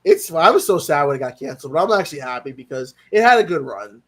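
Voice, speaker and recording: A man co-hosting a casual movie chat livestream, talking in an animated way, swearing freely and laughing often. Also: fairly high pitch, fast. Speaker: co-host of a movie review livestream.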